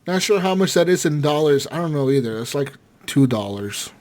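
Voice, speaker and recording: A man's voice: a little high, expressive, fairly quick, heavy background noise. A man hosting a casual gaming podcast, reading listener comments aloud with lots of swearing and laughter.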